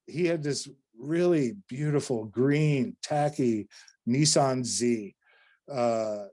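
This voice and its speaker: This medium-pitched man from North Carolina is a podcast guest recounting a long story. He tells it animatedly and at rambling length, swearing casually and starting over many times.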